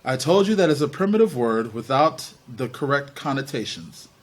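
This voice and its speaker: A man voicing a calm, sinister alien ruler who speaks in a cold, condescending way. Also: mid-range voice, moderate pace, close to an everyday voice. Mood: flat.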